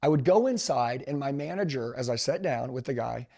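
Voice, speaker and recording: Gravelly-voiced man telling a sales story. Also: mid-range voice, brisk. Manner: emphatic, animated, slangy, addresses listeners as dude. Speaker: sales trainer. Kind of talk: motivational storytelling.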